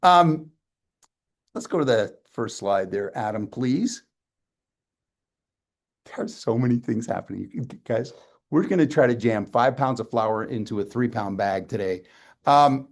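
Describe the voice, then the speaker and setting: A man with a mid-pitched voice speaks on a live video call from his office. He talks in a folksy, rambling way, sentimental and casual, as he presents to his audience. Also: darkish tone. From Canada. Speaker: company presenter. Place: home office.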